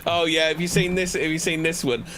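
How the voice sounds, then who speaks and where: A man's voice: fairly high pitch, a little fast, a bit bright, slight background noise. A man on a stream call, swearing freely, mocking others and laughing often in crude banter.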